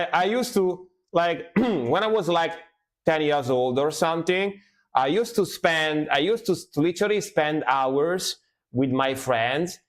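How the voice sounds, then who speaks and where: Chatty man reacting to metal. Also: a little high. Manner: chatty, laughs often, repeats phrases. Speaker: music reaction streamer. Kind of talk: casual live reaction chat.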